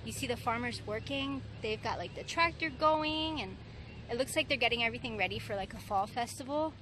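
A woman's voice: on the high side, fairly quick, noisy background. A woman vlogging outdoors on a farm, chatting casually to the camera and cooing in baby talk at the animals. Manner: coos and baby-talks to animals, excitable. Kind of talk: casual vlog chat.

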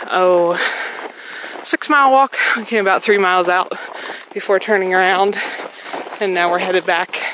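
A woman's voice: mid-range voice, a bit bright, a little hiss or hum, poor audio. A woman vlogging while walking her dog on a snowy trail outdoors. She is a little out of breath and keeps praising the dog. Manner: chatty, praises dog often. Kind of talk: casual vlog narration while walking a dog.

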